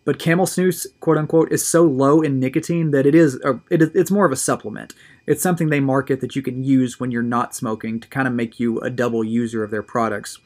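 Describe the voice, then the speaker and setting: A man's voice: medium pitch, steady tone, brisk, a little mellow. Chatty, upbeat male video host. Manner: chatty and conversational, often repeating words. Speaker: host of a tobacco review show. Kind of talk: casual solo video monologue.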